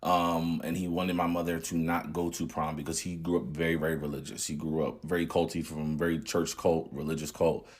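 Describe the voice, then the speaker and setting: A man's voice: extremely low pitch, flat delivery, brisk, hardly any pauses. A man in his thirties candidly retelling a family story in a casual, slangy vlog. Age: 30s. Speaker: channel host.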